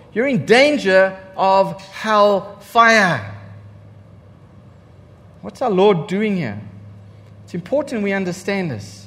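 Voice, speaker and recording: A male pastor preaching with a high, very animated voice that climbs and drops sharply for emphasis. He repeats his key lines and throws rhetorical questions at the congregation, and the sound carries a long reverb from a church hall. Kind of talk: sermon.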